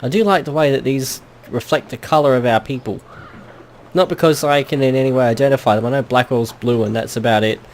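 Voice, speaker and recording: A man's voice: mid-range voice, brisk, slight background noise. A man giving casual gameplay commentary with dry, wry asides and the odd crude joke. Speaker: let's play host.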